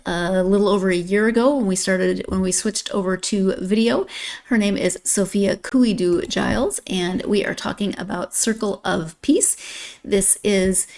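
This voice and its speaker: A woman's voice: medium pitch, creaky. A woman hosting a book review podcast, chatting casually with fillers and self-corrections before reading a book description. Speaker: podcast host.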